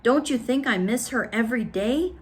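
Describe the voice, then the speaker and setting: A woman reading aloud, voicing a gentle, sad preacher father who speaks quietly and softly. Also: fairly high pitch, expressive, moderate pace, pitched above the performer's own voice, close to an everyday voice. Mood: soft, weary. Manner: soft, quiet, subdued.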